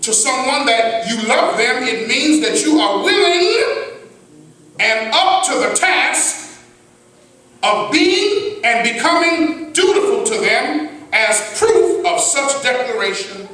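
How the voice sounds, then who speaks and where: A man preaching a sermon as minister, shifting between loud emphatic lines and soft asides, with a crowd answering back. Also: extremely high pitch, lively intonation, slow pace. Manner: preaching with sudden shouts and hushed asides. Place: large mosque hall. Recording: echoey hall, mic at a distance. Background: responsive crowd.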